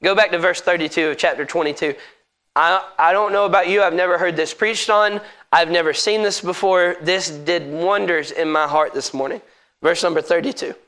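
High-pitched guy preaching in church, punchy, keeps asking the room questions. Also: moderate pace, a bit bright. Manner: emphatic, asks the congregation direct questions. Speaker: pastor. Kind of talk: sermon.

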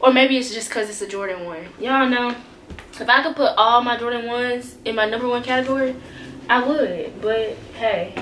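Young female vlogger, high voice, animated and profane, in an echoey room with faint background noise. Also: normal speed. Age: young adult. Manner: slangy, animated, profane, talks straight to viewers. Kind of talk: casual shoe collection vlog. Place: bedroom with shoes behind her.

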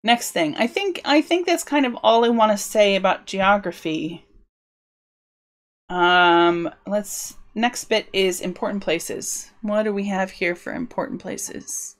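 A British woman livestreams while building a tabletop game world, thinking aloud casually. Her medium-pitched voice is expressive and a little slow, and she rambles and interrupts herself.

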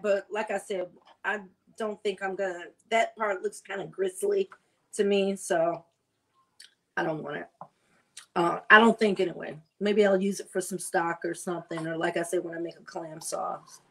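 A woman food vlogger chatting casually while she prepares and tastes seafood, savoring and drawn-out in her talk. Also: mid-range voice, a bit bright. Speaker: cooking vlogger. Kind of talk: casual chat while cooking.

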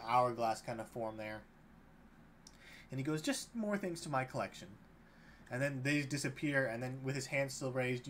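A man serving as game master, narrating a tabletop game in a relaxed, loose way. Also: mid-range voice, slight background noise.

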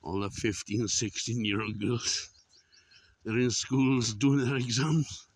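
A man walking up a hill outdoors at dawn, chatting to the camera, exclaiming and swearing at the sheep around him. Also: fairly low pitch. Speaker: vlogger. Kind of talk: casual running commentary while walking.

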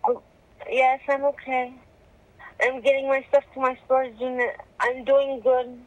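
A woman's voice: sits high, level tone, unhurried. A young woman on a phone call, rambling and scattered, swearing and apologizing as she talks. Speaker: caller.

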